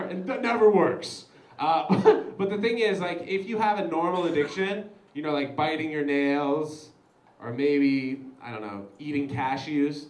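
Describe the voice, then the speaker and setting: A young man performing a stand-up comedy set, chatty and animated, talking straight to the crowd. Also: on the high side, roomy sound, rough recording. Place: comedy show venue.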